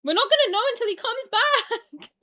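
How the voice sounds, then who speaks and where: A woman's voice: very high voice, expressive, moderate pace, bright, forceful tone. A young woman streamer ranting in a heated, profane, exasperated way during a casual reaction video.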